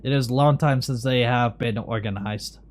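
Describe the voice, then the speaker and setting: A man's voice: medium pitch, normal speed, close to an everyday voice. A man reading the lines of a weary, long-serving asylum caretaker in a game.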